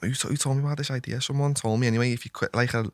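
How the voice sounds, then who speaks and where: A man's voice: medium pitch, steady tone, racing, no room sound. A young man with a Liverpool accent, recorded dry and close, with no room sound around him. He banters as a podcast guest, swearing and tossing in "lad" as he talks. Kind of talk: casual chat.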